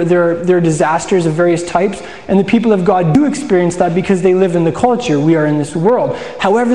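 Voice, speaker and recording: A man's voice: high voice, a little mellow. A man from the prairies preaching a sermon as a pastor, talking conversationally, asking questions and answering them himself, often restarting his sentences. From Saskatchewan, Canada. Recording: echoey hall.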